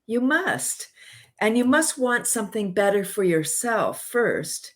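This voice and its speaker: A woman's voice: mid-range voice, very animated, slow pace. A woman guest on a podcast, speaking with passion and enthusiasm and using many "like" fillers. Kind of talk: casual interview chat.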